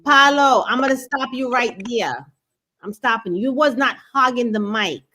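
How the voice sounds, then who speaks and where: Brooklyn lady cohosting a livestream, highish voice, keeps hammering the same point, super casual. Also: moderate pace, sharp tone. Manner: emphatic and repetitive, circles back on points. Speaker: co-host of a crypto live stream. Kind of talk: casual live-stream chat.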